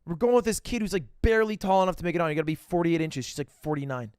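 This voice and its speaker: A young man chats to his stream audience in a loose, animated storytelling voice, slightly high and swinging widely in pitch. The sound is close and dry, as from a desk mic at home. He slips into shrill put-on voices for the people in his story. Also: racing, smooth, no echo. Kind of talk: casual storytelling to chat.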